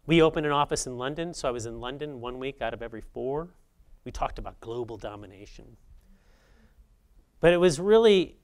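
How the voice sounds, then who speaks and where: A man in his fifties from Saint Paul tells his own story to an audience. His voice sits at an ordinary middle pitch and stays conversational. He leans hard into some phrases, then drops almost to a murmur. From Saint Paul, Minnesota, US. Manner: conversational, swinging between emphatic and quiet. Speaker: speaker at a journalism institute. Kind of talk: personal storytelling talk to an audience.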